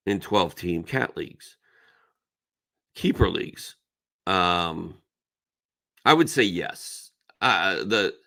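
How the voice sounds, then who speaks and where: Low gravelly man answering live questions. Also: pushed and bright. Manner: reads viewer questions aloud, then gives blunt, emphatic advice. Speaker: fantasy basketball analyst hosting a live Q&A. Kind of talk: casual live-stream Q&A.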